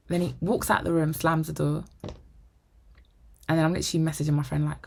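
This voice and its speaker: A young woman vlogger telling a personal story to camera, animated and acting out the dialogue. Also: sits low, fast, gravelly. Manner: animated, acts out quoted dialogue; drops to a whisper for inner thoughts. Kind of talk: storytime monologue.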